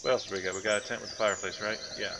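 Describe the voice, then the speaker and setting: A man's voice: on the low side, steady tone, racing, noisy background. A man giving casual, thinking-aloud commentary while playing a city-building game. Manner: muttering to himself, thinking aloud. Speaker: gameplay commentator.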